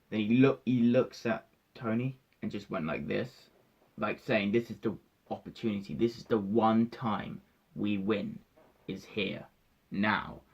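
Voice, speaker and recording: A young man recounting a film in excited casual talk, swearing freely and acting out his own reactions. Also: on the low side, lo-fi sound. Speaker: vlogger reviewing a film.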